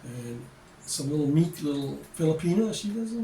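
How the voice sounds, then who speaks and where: A man's voice: fairly high pitch, animated, normal speed, warm tone, far from the mic, slight background noise. A man in his sixties from the United States giving casual, rambling advice to camera as an expat vlogger, plain-spoken and repeating himself. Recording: echoey room, voice away from the mic.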